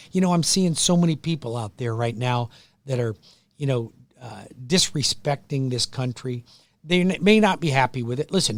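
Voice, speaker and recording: A middle-aged man hosting a radio show, loud and pushy, joking at his own expense and going a bit hoarse from yelling. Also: medium pitch, no room sound. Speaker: radio show host, mortgage lender. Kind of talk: energetic radio sales pitch. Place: radio studio.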